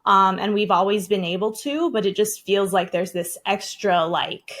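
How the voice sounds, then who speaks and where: A woman's voice: mid-range voice, moderate pace, fairly bright tone. Chatty young woman coach, casual. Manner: chatty, heavy use of 'like', casual swearing. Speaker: breathwork coach guest. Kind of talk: casual podcast chat.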